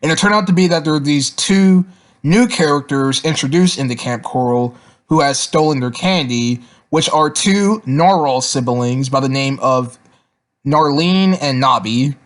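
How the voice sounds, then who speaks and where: A man's voice: a little high, measured pace. Rambling man reviewing cartoons. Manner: rambling, filler-heavy, repeats words. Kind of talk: casual review monologue.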